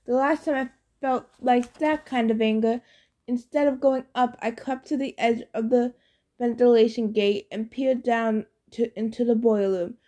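Warm-voiced woman reading an audiobook. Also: fairly high pitch, steady tone, moderate pace. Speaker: audiobook narrator. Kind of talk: audiobook narration.

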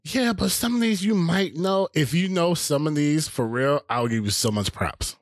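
A man's voice: on the high side, animated, normal speed, no room sound, studio quality. A man co-hosting a casual podcast, quizzing his friend with teasing remarks and frequent laughter. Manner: teasing quizmaster, laughs often. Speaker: podcast co-host.

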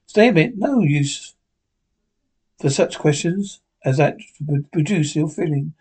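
A man voicing a calm, reasoning male doctor in a classic novel read aloud, speaking in a measured, reasonable way. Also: fairly high pitch, slightly rough.

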